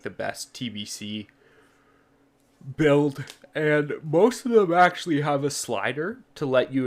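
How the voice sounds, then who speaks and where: A man streaming a game, talking casually to his viewers in a relaxed, rambling way with lots of fillers. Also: on the low side. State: yawning, sleepy. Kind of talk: casual gaming chat with chat viewers.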